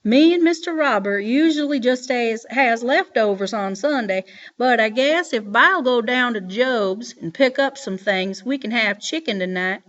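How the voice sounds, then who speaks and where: A woman voicing a loud bossy old Southern granny. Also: a little high, expressive, a little slow, dull audio. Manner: shouting, bossy. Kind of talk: audiobook character reading.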